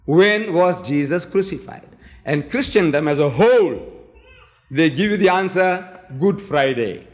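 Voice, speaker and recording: A man giving a debate lecture to an audience, animated and rhetorical, often asking the audience questions. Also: on the high side. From South Africa. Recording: dull old recording with long hall reverb.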